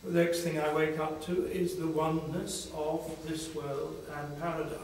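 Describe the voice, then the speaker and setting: An older man giving a slow, reflective spiritual talk at a conference panel, pausing often between phrases. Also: fairly high pitch, level tone, a little mellow, slight background noise. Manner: slow, reflective, with long pauses. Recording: echoey hall from far off.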